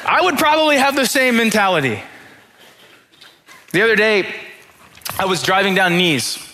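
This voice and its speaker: A young man preaching to his church with a high voice and a bright, forceful tone. He tells self-deprecating stories with humor and acts out his own thoughts in quoted asides. The delivery is a lively sermon from a high school pastor. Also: normal speed.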